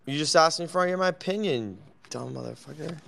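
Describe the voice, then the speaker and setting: A man's voice: on the high side, moderate pace, vocal fry, fairly bright tone. A man hosting a casual crypto chat, blunt and offhand.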